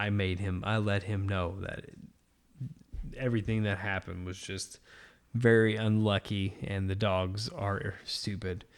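A man in his thirties, a podcast co-host, telling a story in casual chat, animated and swearing a lot. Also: fairly low pitch, vocal fry.

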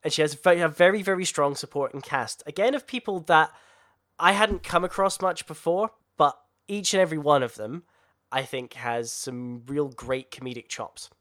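A man co-hosting a casual podcast chat, animated and quick to swear and laugh. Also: a little high. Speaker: podcast co-host.

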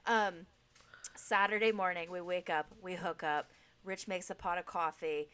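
A woman's voice: lowish voice, steady tone, a little slow, a bit bright, clean tone. A middle-aged mother in casual chat, frank and profane, telling a story with laughter. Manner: frank, swears freely, laughs while telling stories.

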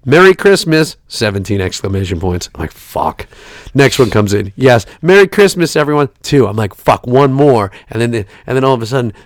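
A man's voice: on the low side, brisk, no echo. A man in his forties, a podcast co-host, telling a story in casual chat with lots of swearing. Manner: animated storytelling with profanity and laughs.

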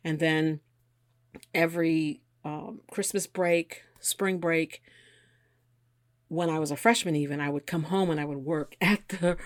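Lively low-voiced woman telling a story. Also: measured pace, no room sound, clean studio sound. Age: 50s. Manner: animated storyteller, acts out quoted voices. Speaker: guest, engineer. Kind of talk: storytelling in a conversation.

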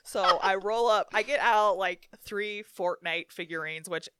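A woman chatting casually as a podcast co-host, telling an animated story full of "like" fillers. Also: medium pitch, a little slow, noisy background. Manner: chatty and animated, many "like" fillers, bursts of laughter.

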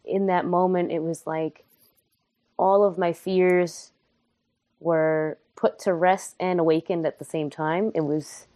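Low-voiced woman telling a candid story. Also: fairly even intonation, slow, dark tone, dry recording. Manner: candid, humorous, emotional. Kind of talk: casual storytelling.

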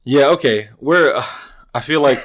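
A man's voice: medium pitch, moderate pace, a bit bright. A young man hosting a casual sports podcast, rambling with restarts and sarcastic asides. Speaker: podcast host. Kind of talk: casual chat.

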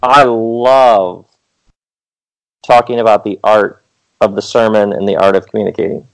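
A man's voice: lowish voice, steady tone, measured pace, poor audio. A man as a podcast guest, riffing emphatically in casual storytelling and often asking "you know what I mean?". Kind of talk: animated conversational storytelling.

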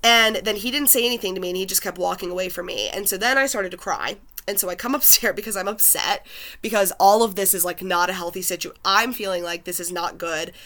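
Chatty woman with a bright voice. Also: mid-range voice, quick pace. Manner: chatty, lots of "like" fillers, animated retelling. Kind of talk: casual chat, telling a personal story.

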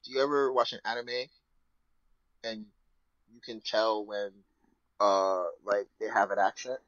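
A man in casual chat, animated and laughing often, breaking into high squealing imitations. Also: normal speed, dry recording, lo-fi sound.

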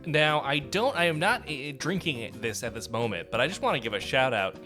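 Lively, bright-voiced male podcast co-host. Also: medium pitch, brisk, faint music behind. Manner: laughing, rambling, self-mocking. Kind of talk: casual podcast chat.

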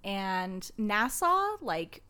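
A woman's voice: mid-range voice, very animated, extremely slow, pushed and bright, smooth. A young woman co-hosting a podcast, chatting casually and rambling with lots of filler words. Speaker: podcast co-host. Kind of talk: casual chat.

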